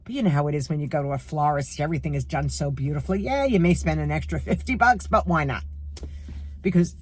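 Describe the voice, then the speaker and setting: A middle-aged woman with a New York accent vlogs casually to her fans, stuffy from a cold, her low voice fast, slightly mellow and husky. Opinionated and chatty, she talks to viewers as if they were friends.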